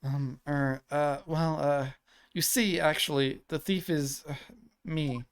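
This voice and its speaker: A man's voice: a little high, fairly even intonation, slow, clean tone, faint music behind. A man voicing a nervous, meek man who stammers and keeps insisting he is the guilty one. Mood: flustered. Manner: stammering, eager, pleading.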